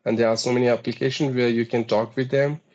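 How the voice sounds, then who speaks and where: Indian man giving measured advice, lo-fi. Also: mid-range voice, little pitch movement, darkish tone. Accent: Indian English. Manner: measured, advisory, counts points off one by one. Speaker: English practice partner. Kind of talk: conversational English practice session.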